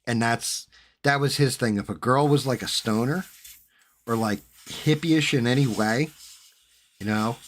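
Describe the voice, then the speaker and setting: Husky, profane New man. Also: medium pitch, unhurried. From New Jersey. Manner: profane, rambling storytelling. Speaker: hobbyist host. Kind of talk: casual chat while working.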